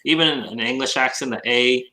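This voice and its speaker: A man hosts a casual podcast chat with a bright, forward voice. He keeps asking curious questions and riffs along easily. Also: medium pitch, brisk, poor audio. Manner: curious, chatty, asks questions. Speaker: podcast host.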